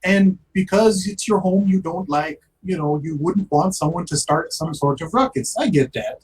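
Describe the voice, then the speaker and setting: A tabletop player voicing a calm, quietly threatening interrogator with a husky voice. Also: mid-range voice, moderate pace, natural voice, low-quality recording. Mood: menacing. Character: calm menacing male interrogator.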